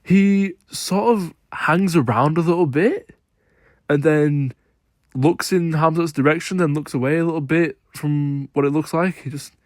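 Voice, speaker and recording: A man's voice: fairly high pitch, measured pace, no room sound, clean studio sound. A man giving opinionated sports commentary, emphatic and insistent as he argues his case.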